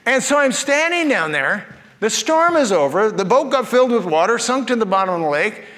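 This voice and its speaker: Man with a high-pitched voice, pastor preaching in a sermon, folksy storyteller with jokes, reverberant hall. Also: very animated, fairly quick, a bit bright.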